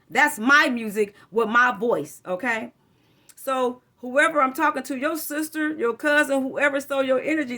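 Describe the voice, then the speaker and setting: Bright rambling woman tarot reader. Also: high voice. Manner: rambling, informal, frequent self-corrections and slang. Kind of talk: casual spiritual reading to camera.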